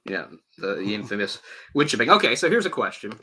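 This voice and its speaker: Podcast host, male, very bright edgy tone, lively and conversational. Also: lowish voice, fast talker, husky. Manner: animated, acts out quoted lines. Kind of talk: casual film discussion.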